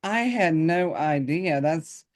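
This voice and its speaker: A woman's voice: deep voice, lively intonation, slow. A woman interviewing a guest and chatting in an easygoing, amused way. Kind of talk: casual interview chat.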